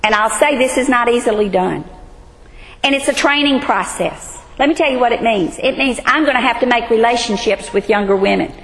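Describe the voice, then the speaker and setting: A woman's voice: on the high side, fairly quick, a bit bright. A woman, earnestly teaching a women's Bible study. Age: 60s. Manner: earnest, emphatic, emotional at times. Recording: hall reverb, faint ambience.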